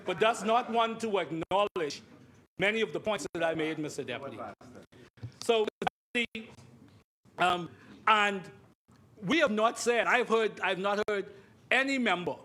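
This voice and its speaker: High-voiced Bahamian man making a forceful parliamentary speech. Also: a little hiss or hum. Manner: emphatic, repeats phrases, keeps addressing the chair. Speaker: member of parliament. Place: parliament chamber.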